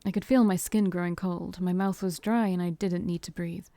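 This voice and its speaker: A woman's voice: fairly low pitch, fairly even intonation, normal speed, dark tone, dry recording. Brief: woman host, casual let's play narration, dry close mic. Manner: casual, chatty asides. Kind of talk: reading a visual novel aloud with chat.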